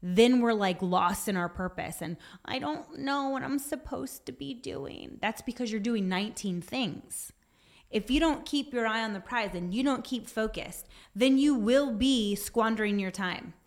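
A woman's voice: medium pitch, normal speed. A woman giving an earnest devotional talk, exhorting her listeners and reading from her notes. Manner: puts on a whiny voice for effect. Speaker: Christian speaker.

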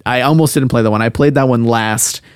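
A man's voice: a little fast, dry recording. A young man talks loosely about games he has played, filling gaps with "like" and "uh". His voice sits in a middle register. The sound is dry and close. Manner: rambling, many fillers, acts out game lines in a high voice. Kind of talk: casual chat about games.

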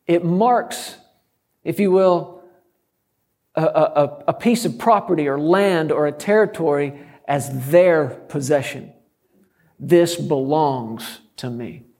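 A man's voice: a little high, measured pace, creaky, darkish tone. A middle-aged man preaching a sermon as a guest speaker, bold and emphatic with touches of humor.

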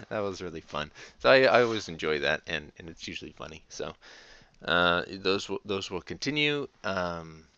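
A man's voice: low voice, lively intonation, normal speed, sharp tone, muffled recording. A man hosting a casual solo podcast, rambling with many fillers and frequent laughs. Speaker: podcast host.

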